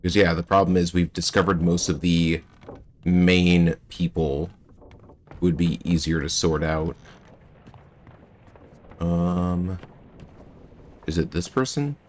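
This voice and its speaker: Low-voiced man musing over a game. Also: steady tone, slow pace, long pauses, darkish tone, slight background noise. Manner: musing aloud, chatting with viewers. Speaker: streamer. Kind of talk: casual gameplay commentary.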